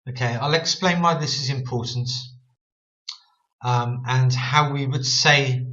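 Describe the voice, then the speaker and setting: Male Bible teacher, mid-pitched, unhurried; casual explainer who sounds words out; muffled recording. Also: sharp tone. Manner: repeats "okay" often, demonstrates pronunciation aloud. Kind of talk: casual explanatory talk to camera.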